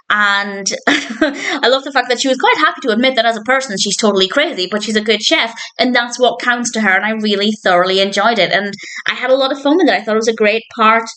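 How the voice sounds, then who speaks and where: A woman's voice: medium pitch, pushed and bright. A woman talking through a TV episode as a reviewer, in an enthusiastic, chatty way and often laughing. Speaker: film and TV reviewer. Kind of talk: casual spoken episode review.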